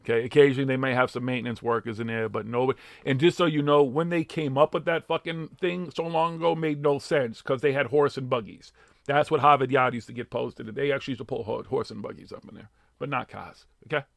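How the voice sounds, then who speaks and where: Profane gravelly Boston man hosting. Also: mid-range voice, fast talker, dry recording, clean studio sound. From Boston area. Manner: profane, animated, laughing often. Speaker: radio show host. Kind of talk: casual live radio chat, reading the chat.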